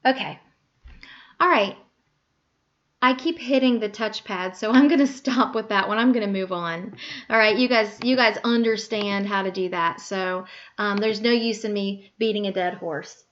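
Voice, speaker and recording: A woman with a mid-range voice teaches a software lesson over a screen recording, speaking at a moderate pace. She talks patiently through each click, correcting her mistakes aloud, and the audio sounds lo-fi.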